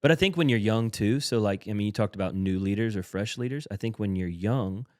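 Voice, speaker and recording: Low-voiced church leader explaining earnestly. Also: male voice, a little fast, darkish tone, no echo, clean studio sound. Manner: earnest, explains ideas step by step. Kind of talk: casual conversational interview.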